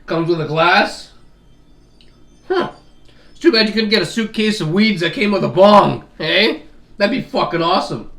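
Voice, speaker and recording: A man's voice: sits high, normal speed, gravelly, long pauses, a bit bright. A Canadian man with a Canadian accent, chatting loosely at his kitchen table, swearing and laughing as he talks. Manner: crude, swearing, laughing, tags lines with "eh". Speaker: vlogger. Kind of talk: casual vlog chat.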